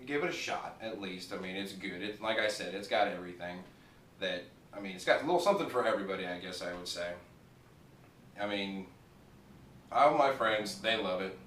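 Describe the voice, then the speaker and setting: His low voice is animated, fairly quick and a touch bright as this man reviews a TV show. The review wanders casually, laced with profanity and his own laughter at his jokes. Expect echo, a distant mic and a faint noise floor.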